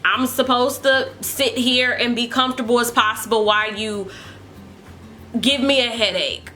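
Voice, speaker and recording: Young woman vlogger, exasperated and chatty, with a sharp, slightly high voice. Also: steady tone, moderate pace, faint music behind. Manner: exasperated, chatty, full of fillers. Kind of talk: storytime vlog.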